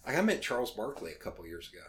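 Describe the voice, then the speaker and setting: A man's voice: medium pitch, sing-song, rapid-fire, a little hiss or hum. A man telling casual stories as a podcast guest, acting out the voices he quotes and swearing freely. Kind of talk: casual storytelling.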